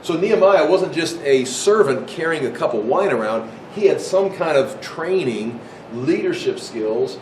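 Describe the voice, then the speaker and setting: A man's voice: animated, a little slow, darkish tone. An American man giving a casual Bible history lecture, rambling with restarts and asides. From United States. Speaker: Bible teacher. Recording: echoey room, mic far off, faint rumble.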